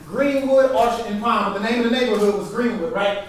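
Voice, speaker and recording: A man teaches a lively call-and-response lesson and keeps prompting the crowd to finish his lines. His voice sits fairly high. He is caught from a distance, and the sound rings around a big echoey hall. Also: moderate pace, a little hiss or hum. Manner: animated, prompts the audience to finish his phrases. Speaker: performance poet giving an artist talk. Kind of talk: interactive lecture with call-and-response. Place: lecture hall with a live audience. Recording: echoey hall recording from far off.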